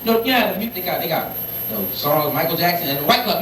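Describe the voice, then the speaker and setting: A man's voice: high-pitched, fast talker, a loud crowd, very noisy. A teenage boy doing a stand-up comedy set in a club, telling stories and acting out the people in them. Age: teens. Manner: animated storytelling with many acted-out voices. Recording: echoey club from far off.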